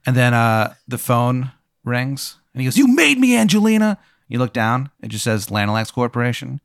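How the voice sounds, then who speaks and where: A man narrating an improvised comic scene, rambling and deadpan with many fillers. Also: mid-range voice, moderate pace, clean tone, no room sound, clean studio sound.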